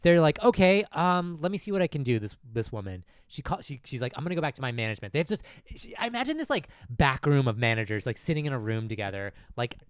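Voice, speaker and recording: A man hosting a podcast, telling a comedic story in a casual, animated way and laughing often. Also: medium pitch, fast talker, few pauses, clean tone, no room sound, studio quality. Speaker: podcast host.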